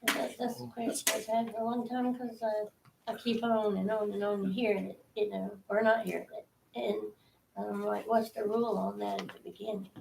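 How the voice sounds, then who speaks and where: A woman's voice: mid-range voice, level tone, moderate pace, creaky. A woman student asking her teacher questions in class. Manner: curious, asks questions. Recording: roomy, from far off, faint noise.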